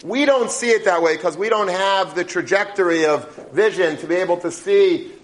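A man with a high, light voice delivers a weekly Torah portion talk. He speaks emphatically and keeps posing rhetorical questions to his listeners. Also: normal speed. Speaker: Torah teacher.

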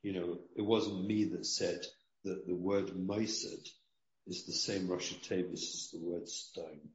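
Male rabbi guest, low voice, earnest preaching tone, echoey lo-fi recording. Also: fairly even intonation, measured pace. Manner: earnest, preaching, repeats key lines. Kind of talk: emotional interview talk. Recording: dull roomy sound.

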